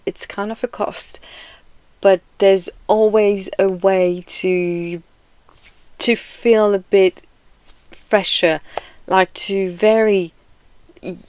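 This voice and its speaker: A woman's voice: mid-range voice, a little mellow, smooth, no echo. A woman vlogging in a casual, frank way, rambling and filling gaps with "you know" and laughing between phrases. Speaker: video essay vlogger. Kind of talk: casual direct-to-camera talk.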